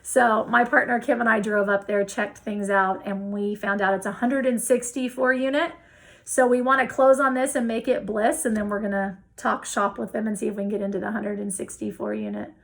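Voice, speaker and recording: Gravelly-voiced woman telling a lively story. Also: medium pitch, fairly quick, low-quality recording. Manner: animated storyteller acting out quoted dialogue. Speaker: real estate investor guest. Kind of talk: storytelling in a casual interview.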